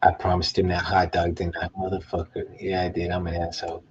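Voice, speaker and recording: A man's voice: low voice, monotone, a little fast, dull audio, a little hiss or hum. A middle-aged man, a guitar maker, rambling casually and profanely to himself in a behind-the-scenes vlog.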